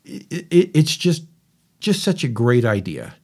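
A middle-aged man with a slightly husky voice, telling a personal story as a podcast host and repeating key phrases. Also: medium pitch, wildly swooping pitch, measured pace, darkish tone.

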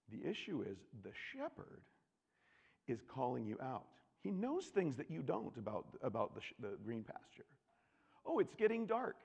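A man preaching a sermon, animated and swinging from loud declarations to hushed asides. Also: fairly low pitch, vocal fry, breathy edge, big-room sound.

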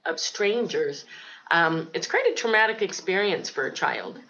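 A middle-aged woman from Ohio recounts her childhood in an interview, earnest and reflective, with frequent pauses and ums. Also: on the low side, lively intonation, pushed and bright, lo-fi sound. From Ohio, United States. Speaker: guest telling her life story. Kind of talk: personal testimony in an interview.

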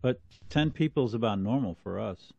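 Joking man with a low voice. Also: animated, fairly quick, vocal fry, a little mellow, dull audio. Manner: joking, stammers when starting. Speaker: podcast co-host. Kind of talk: casual chat.

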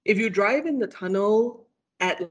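A woman with a Malaysian English accent, a lecturer telling a ghost story in casual chat, animated and full of fillers and laughs. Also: mid-range voice, unhurried. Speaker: lecturer, guest.

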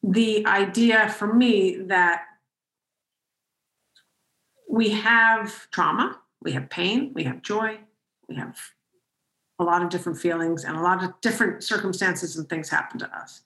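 A woman podcast host telling a story in an animated way, with frequent restarts. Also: mid-range voice, measured pace, pauses often, reverberant, poor audio. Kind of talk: conversational storytelling.

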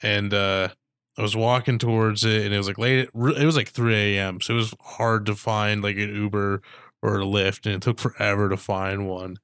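A young man with a fairly low, smooth voice, chatting casually and joking crudely. He uses lots of fillers, and the sound is close and dry. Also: fairly even intonation, normal speed, fairly bright tone, no echo. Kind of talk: casual chat.

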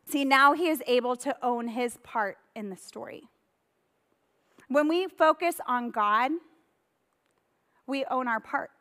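A woman pastor delivering a sermon in a conversational, storytelling way, with lively retellings of Bible stories. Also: sits high, takes it slowly, long pauses, long reverb tail.

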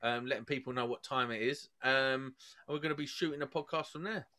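A man's voice: mid-range voice, brisk, pushed and bright. A man hosting a casual podcast, teasing and bossing his co-hosts around. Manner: teasing, bossy banter. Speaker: podcast host. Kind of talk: casual chat.

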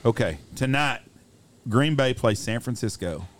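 Co-host, male, animated pitch, blunt football picks. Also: measured pace. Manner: lively, blunt, profane. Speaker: podcast co-host. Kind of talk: casual sports chat.

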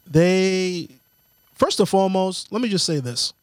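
Fairly high-voiced man explaining calmly. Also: smooth, dry recording. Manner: measured, explanatory, playful. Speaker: podcast co-host. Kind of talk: casual sports chat.

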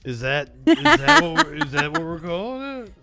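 A man's voice: very high voice, huge pitch swings, moderate pace, gravelly, music in the background. A man co-hosting a late-night comedy talk stream, bantering casually with self-deprecating, stammering restarts. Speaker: co-host. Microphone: lighter held as a prop mic.

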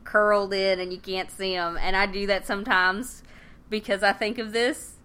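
Bright-voiced chatty woman, laughing often. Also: medium pitch, fairly even intonation, normal speed, clear, resonant tone. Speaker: podcast co-host. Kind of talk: casual chat recapping a sitcom episode.

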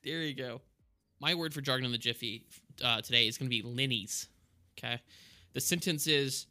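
A man, an airline pilot co-hosting a podcast, explaining jargon in relaxed chat and laughing easily. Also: mid-range voice, normal speed.

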